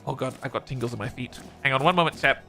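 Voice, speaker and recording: A man's voice: medium pitch, quick pace, vocal fry, over music. A man streaming a game, chatting playfully with viewers as he plays. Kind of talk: casual game stream chat.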